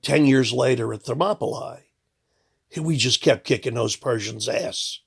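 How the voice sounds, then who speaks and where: Gravelly sarcastic ranting man. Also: mid-range voice, a little slow, fairly bright tone. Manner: contemptuous, sarcastic, blunt. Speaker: political commentator. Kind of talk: ranting monologue.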